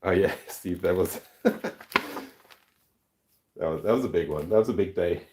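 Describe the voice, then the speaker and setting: A South African man with a low voice talks a little slowly over a noisy background. He's a fossil collector and channel host, chatting casually on a livestream while packing fossils, easily delighted and quick to laugh.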